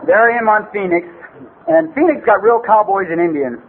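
A man's voice: high voice, very animated, moderate pace, gravelly, crowd noise. Streetwise man on lo-fi tape. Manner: rambling, streetwise, peppers talk with "you know". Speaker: recovery meeting speaker. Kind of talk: storytelling at a recovery meeting. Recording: tinny lo-fi tape with faint hiss.

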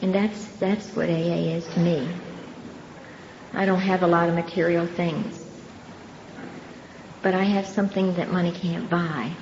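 Older lady sharing her story at a meeting, earnest and slow, dull muffled recording with faint noise behind. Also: fairly low pitch, fairly even intonation, reverberant, in a large hall. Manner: earnest, unhurried storytelling with pauses and soft laughs. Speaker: recovery meeting speaker. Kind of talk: personal testimony at a meeting.

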